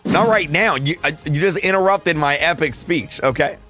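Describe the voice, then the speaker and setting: High, bright-voiced young man ranting. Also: moderate pace, faint music behind. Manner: mock-ranting, roasting. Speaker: streamer. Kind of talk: gaming livestream chat.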